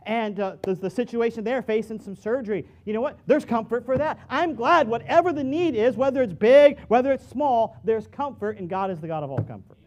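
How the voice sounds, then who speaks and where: A middle-aged male pastor giving a conversational sermon in a church, moving between quiet asides and loud, emphatic peaks. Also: very high-pitched, animated, brisk, hardly any pauses. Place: church sanctuary.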